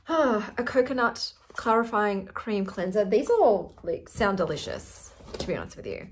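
A woman's voice: mid-range voice, animated, normal speed, a little hiss or hum. A woman in her forties with an Australian accent, chatting to camera in an effusive, giggly way. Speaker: vlogger. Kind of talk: casual chat to camera.

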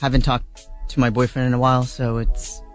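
A man's voice: mid-range voice, level tone, fairly quick, faint music behind. A man calling in to a radio show, nervous and earnest, hesitating and repeating himself as he explains. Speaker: caller.

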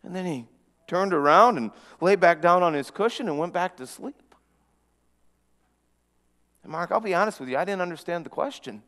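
Man, fairly high voice, earnest first-person storyteller, long church reverb. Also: animated, normal speed, pauses often. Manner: earnest, with frequent restarts and dramatic hushes. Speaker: preacher in a first-person monologue.

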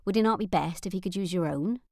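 A woman's voice: lowish voice, fast, dark tone, no room sound, clean studio sound. A woman voicing a deferential young maid in an audiobook, speaking politely and a little hesitantly. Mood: helpful.

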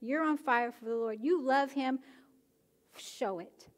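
Animated high-voiced woman pastor preaching. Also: slow. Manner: animated, rising to emphatic exhortation. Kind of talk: sermon. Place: church sanctuary.

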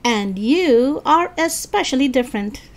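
A woman's voice: mid-range voice, very animated, measured pace. A woman doing a cheeky, wisecracking schoolboy. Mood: teasing. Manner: complaining, wisecracking. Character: third-grade boy, cheeky and teasing.

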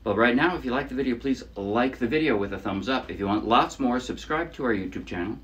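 A man teaching a ukulele song in a casual, chatty way, often trailing off softly and poking fun at himself. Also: mid-range voice, animated, quick pace, slightly rough, muffled recording. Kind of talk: casual tutorial explanation. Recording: loud ukulele playing under the voice. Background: ukulele strumming.

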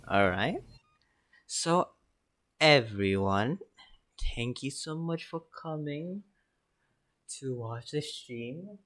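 A man's voice: medium pitch, a bit bright. Brief: male streamer, casual stream chat, self-deprecating and meandering. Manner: rambling, self-deprecating, joking. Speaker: game streamer.

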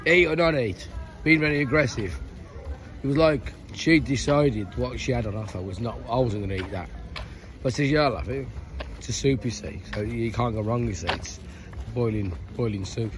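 A man's voice: mid-range voice, fairly quick. Rambling man on a noisy street. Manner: rambling, chatty storytelling with many restarts. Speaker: travel vlogger. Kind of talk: casual walking vlog. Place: night street outdoors. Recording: noisy outdoor street recording. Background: street noise and barking dogs.

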